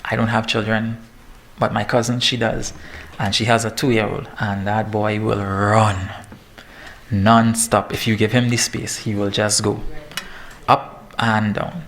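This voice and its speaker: A man in his thirties, a fitness trainer giving a lively, joking talk to parents. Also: on the low side, measured pace. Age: 30s. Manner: lively and joking, laughs at himself. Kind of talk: presentation to parents.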